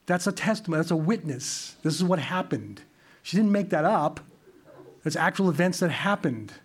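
A pastor addresses his congregation and urges them to step out in faith. His slightly higher-pitched voice stays earnest and encouraging as he moves into a prayer of blessing. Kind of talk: preaching and leading prayer. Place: church service.

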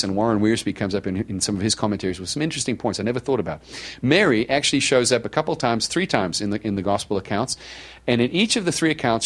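Animated male pastor preaching conversationally. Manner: conversational preaching, asks the congregation questions; animated, voices quoted speakers in a softer lower tone. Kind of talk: sermon.

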